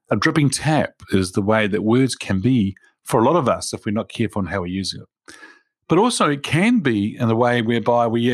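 A middle-aged man, a leadership coach hosting a podcast, speaking in an energetic, emphatic motivational monologue and addressing listeners as his team. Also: medium pitch, no room sound, studio quality.

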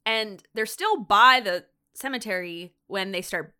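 Woman podcast co-host, bright voice, sarcastic, chatty recap, lots of filler words. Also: mid-range voice, measured pace, clear, resonant tone. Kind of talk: casual chat recapping a TV episode.

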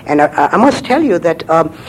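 A calm, patient mother superior answers gently and hesitantly, as a man voices her in a joke. The voice drops lower and softer than his usual delivery. Faint noise sits beneath it. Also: fairly quick, poor audio.

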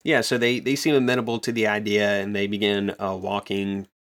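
A man's voice: on the low side, flat delivery, a little fast, fairly bright tone. A man chatting casually on a podcast, retelling manga scenes with enthusiasm and rambling asides. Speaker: podcast co-host. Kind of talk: casual chat recapping a manga.

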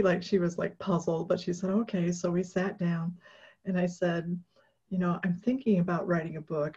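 A woman guest in an interview, telling a personal story in a casual, animated way with many fillers and restarts, often laughing. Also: fairly low pitch, breathy edge. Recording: dull lo-fi recording.

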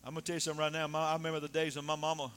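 A man preaching a sermon, dropping soft then shouting loudly. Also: a little high, rapid-fire, slight background noise. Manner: animated, swings from soft to shouting. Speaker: pastor.

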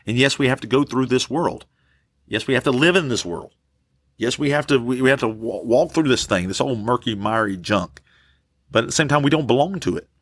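A man preaching a passionate sermon as pastor, dragging out key words slowly for emphasis. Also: lowish voice, vocal fry, no room sound.

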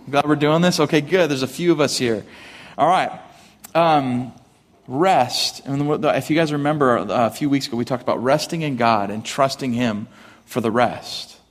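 Casual pastor in a reverberant hall. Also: male voice, mid-range voice, normal speed. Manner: conversational, animated, jokey asides to the congregation. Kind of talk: casual sermon. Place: church hall with live congregation.

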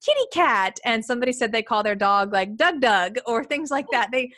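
A woman's voice: fairly high pitch, animated, brisk, bright, forceful tone. A woman in her thirties hosting a podcast, chatty and enthusiastic, with many casual fillers. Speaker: podcast host.

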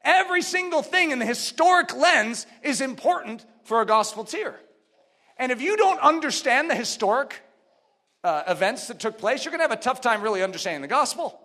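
A man preaching a sermon, teaching step by step with rhetorical questions and building to emphatic, near-shouted exhortations. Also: extremely high pitch, expressive, brisk.

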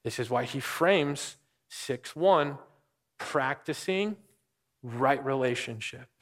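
Animated yet slow-paced, this man's mid-range voice has a slight brightness. He's a pastor preaching in a conversational style, unpacking scripture and asking the room questions, with long reverb from the hall.

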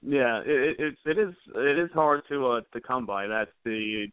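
A man from New Jersey, a podcast guest, chatting casually in a halting way with many restarts. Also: medium pitch, clean tone. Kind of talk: casual chat. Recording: tinny phone-like sound, dry.

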